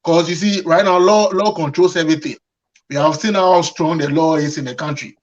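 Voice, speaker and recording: A man's voice: fairly high pitch, fairly quick. Male panelist, agreeable and advising, muffled lo-fi sound. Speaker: boxing panelist. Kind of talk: panel discussion on boxing.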